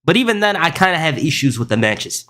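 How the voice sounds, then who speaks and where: A man's voice: a little high, sing-song, quick pace, a bit bright. A young man streaming live, reading chat aloud and riffing on it in a rambling, casual way, often saying "bro" and "listen.".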